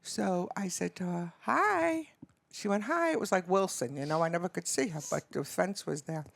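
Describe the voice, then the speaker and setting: An older woman, a grandmother, chatting as a podcast guest and telling stories with lively acted-out dialogue. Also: fairly low pitch, brisk, creaky, dry recording. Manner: animated storyteller acting out both sides of conversations. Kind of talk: casual chat and storytelling.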